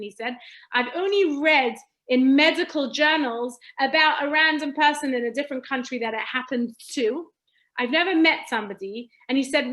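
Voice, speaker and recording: High-voiced woman telling her story earnestly. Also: fairly bright tone, rough recording. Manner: earnest, repeats and restarts phrases, uses Hebrew terms. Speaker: speaker sharing her story. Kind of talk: personal testimony talk.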